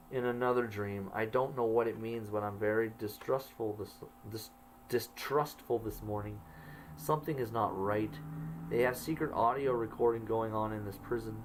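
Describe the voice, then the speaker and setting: A man's voice: medium pitch, moderate pace, slight background noise, low-quality recording. A man telling his own story, reading his old journal entries aloud and adding wry asides. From Canada.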